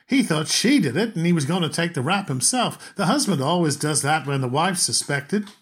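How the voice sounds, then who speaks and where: A man reading aloud, voicing a chatty, insistent American woman who loves mysteries, in a husky voice. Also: a little high, moderate pace, voice pushed up. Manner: insistent, animated.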